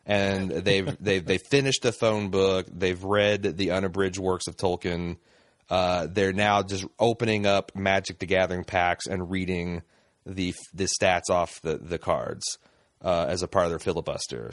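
A man's voice: low voice, fairly even intonation, moderate pace, no room sound, clean studio sound. A man hosting a podcast in casual chat, rambling and chuckling, at times parodying a pompous senator. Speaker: podcast host.

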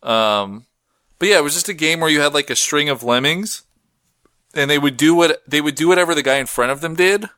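A man's voice: fairly quick, sharp tone, no echo, clean studio sound. A man co-hosting a casual podcast, goofy and joking, riffing on the stories. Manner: goofy, riffs and jokes, swings pitch a lot. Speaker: podcast co-host. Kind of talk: casual chat.

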